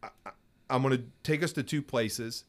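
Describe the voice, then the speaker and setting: A man's voice: mid-range voice, normal speed. A man co-hosting a pastors' podcast, praying aloud and talking about faith in an earnest, emphatic way. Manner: earnest, emphatic, repeats words when stressing a point. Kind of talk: spoken prayer and podcast discussion.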